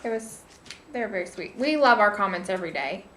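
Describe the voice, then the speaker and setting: A woman's voice: mid-range voice, lively intonation, fast, a bit bright. A woman, co-hosting a diet vlog in casual chat, with many ums. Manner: chatty, with frequent ums. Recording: echoey room, faint noise.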